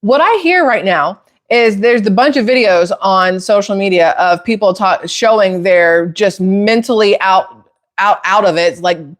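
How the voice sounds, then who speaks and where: A woman hosting a casual opinion talk for viewers, heated and emphatic, climbing into outraged near-shouts. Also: mid-range voice. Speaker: political commentary host.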